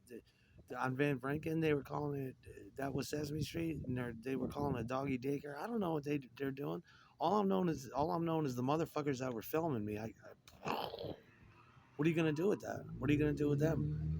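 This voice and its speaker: A man's voice: mid-range voice, background noise. Profane rambling middle-aged man. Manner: profane, rambling, jumps between topics. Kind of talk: rambling monologue.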